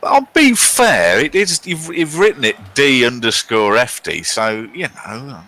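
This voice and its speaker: A man's voice: medium pitch, expressive, normal speed, bright, forceful tone, no echo, poor audio. A middle-aged British man commentating on a live game stream and reading out viewer chat in a chatty, wry, self-mocking way. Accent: British English.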